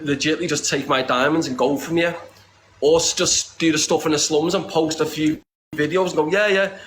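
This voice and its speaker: A man's voice: a little high, a bit bright, slight background noise, rough recording. A man with a northern English accent speaks bluntly in an interview, swearing often and tagging his sentences with "lad" as he repeats his points with force. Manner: emphatic, repeats himself. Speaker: interviewee, charity campaigner. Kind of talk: impassioned interview talk. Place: secure compound, indoors.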